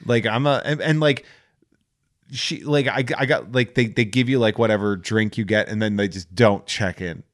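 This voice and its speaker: A man hosting a podcast in casual chat, joking and rambling through listener shout-outs and stories with many fillers. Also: lowish voice, normal speed. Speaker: podcast host.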